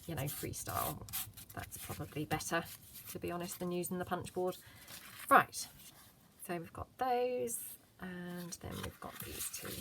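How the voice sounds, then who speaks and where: A woman talks through a craft tutorial at home, chatty and self-deprecating. She mutters to herself while she works. Her voice sits a little low, with faint background noise. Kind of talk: casual craft tutorial narration.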